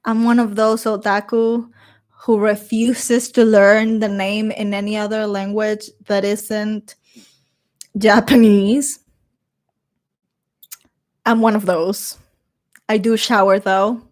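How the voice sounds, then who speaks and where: Slow-talking chatty woman. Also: mid-range voice, flat delivery. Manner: chatty, laughs often, reads comments aloud. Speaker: streamer reading live chat. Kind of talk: casual live-stream chat.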